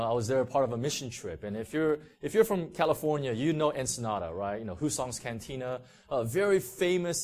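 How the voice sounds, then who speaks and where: Man, preacher, sermon, conversational, filler-heavy, somewhat high voice. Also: darkish tone. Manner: conversational, heavy use of "you know" and restarts. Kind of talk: sermon with personal testimony.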